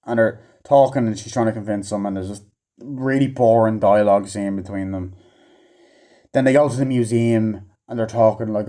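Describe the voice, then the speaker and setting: A man's voice: fairly low pitch, fairly even intonation, a little fast, dark tone. A man rambling through a casual, profane movie review, with offhand asides and many fillers.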